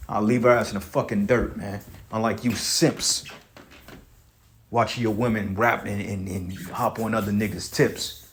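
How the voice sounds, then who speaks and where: A man's voice: on the low side, steady tone, measured pace, a little hiss or hum. A man preaching an angry, profane rant against a rival religious group, scolding and ending lines with "man". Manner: profane, scolding, repeats "man" at line ends. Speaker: street preacher.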